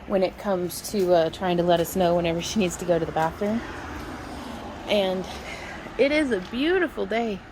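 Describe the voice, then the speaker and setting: A woman from Missouri with a lowish voice walks around her backyard homestead garden, talking casually in a chatty, folksy way and laughing often. She's a homestead vlogger, and background noise is audible.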